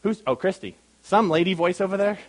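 A man with a notably high voice teaches a Bible class as its pastor. He speaks emphatically, puts questions to the group and calls on people by name. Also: expressive, a little fast.

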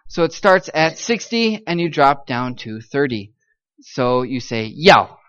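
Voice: medium pitch, sing-song, measured pace, a bit bright, clean tone, lo-fi sound. A missionary giving an upbeat church talk to a live audience, teasing them kindly and singing out syllables to demonstrate the tones.

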